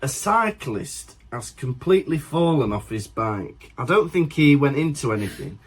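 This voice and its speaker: A young man telling a funny anecdote on a podcast, often laughing as he talks. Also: mid-range voice. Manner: animated anecdote-telling, laughs through his story. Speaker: podcast co-host. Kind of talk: casual storytelling chat.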